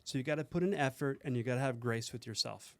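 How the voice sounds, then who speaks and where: A man's voice: medium pitch, quick pace, no echo. A man speaking as a podcast guest, giving earnest motivational talk about goals in a casual conversation. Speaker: podcast guest, mindset coach.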